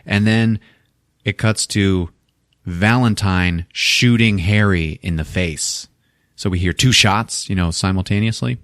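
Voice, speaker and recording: A man hosting a podcast, casually recapping a movie as an animated storyteller who laughs often and swears freely. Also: fairly low pitch, measured pace, no echo, clean studio sound. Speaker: podcast host.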